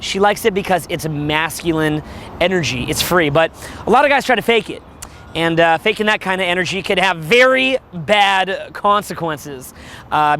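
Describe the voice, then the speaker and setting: A middle-aged man with a worn, rough voice, giving a blunt, profane, animated coaching monologue about dating. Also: high voice, slight background noise. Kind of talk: motivational monologue.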